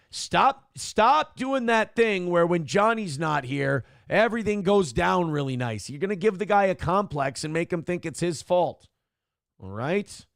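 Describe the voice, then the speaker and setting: A man from Minnesota hosts a morning livestream, rambling through viewer donations with a sarcastic, foul-mouthed edge. His voice sits a little high for a man. It comes through dry and close, with no room sound. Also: no room sound. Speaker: morning show host.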